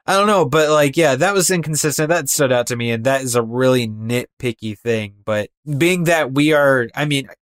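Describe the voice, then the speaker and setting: An animated man chatting as a podcast co-host, breaking into quick imitations to make his point. His voice sits in a middle register and is recorded close and dry, with no room sound. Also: mid-range voice, clear, resonant tone, dry recording. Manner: animated, mimics voices for effect. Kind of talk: casual chat.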